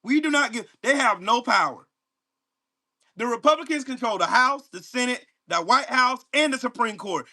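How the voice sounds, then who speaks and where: A man's voice: very high voice, expressive, normal speed, sharp tone. Angry profane man ranting at live chat. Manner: profane, mocking, confrontational. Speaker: livestream host.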